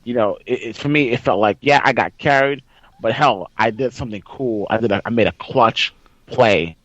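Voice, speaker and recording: A man hosting a casual gaming podcast, telling a story excitedly and bursting into loud reenactments. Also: mid-range voice, normal speed, no room sound. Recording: dry, slightly dull sound.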